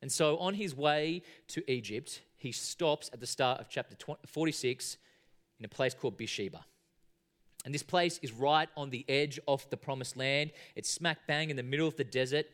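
A man's voice: medium pitch, normal speed, a bit bright. An Australian man in his thirties, an assistant minister giving a conversational sermon in a church with a joking tone and frequent fillers.

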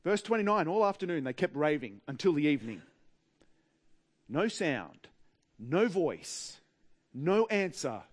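A man with an Australian accent preaching a sermon in a wry, humorous way, with dramatic pauses. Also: a little high, big pitch swings.

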